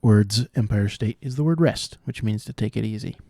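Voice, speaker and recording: A man solving cryptic crossword clues out loud, thinking through each one and explaining the wordplay as he goes. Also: lowish voice, normal speed, vocal fry, dry recording, studio quality. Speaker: puzzle solver.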